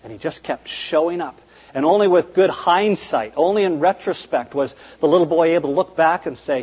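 A man's voice: fairly high pitch, expressive, fairly quick, darkish tone, slightly rough. A male preacher delivering an earnest, emphatic sermon in a church. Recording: reverberant church hall.

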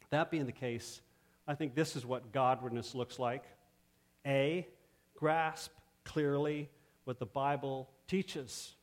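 A man preaching a sermon, measured and emphatic, pausing to stress key words. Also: mid-range voice, steady tone. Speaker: pastor.

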